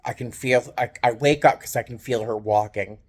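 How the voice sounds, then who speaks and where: An average-pitched man speaks in a casual video diary and tells his stories with lively, self-mocking humor. He sounds like a flight attendant unwinding alone in a hotel room after a long day. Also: moderate pace, slightly rough. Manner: animated storyteller, wry and self-mocking.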